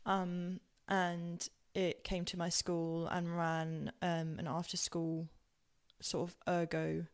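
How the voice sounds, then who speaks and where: Gravelly-voiced young English woman, rambling. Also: lowish voice, little pitch movement, slow pace. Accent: southern English, now posh-sounding. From England. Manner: rambling with many ums and tangents, laughing. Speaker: podcast guest. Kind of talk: casual personal storytelling.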